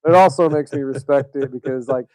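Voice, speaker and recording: A man co-hosting a local radio talk show, chatting casually and jumping in with quick banter and jokes. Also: medium pitch, dark tone, dry recording, poor audio. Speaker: radio co-host and producer. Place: radio studio.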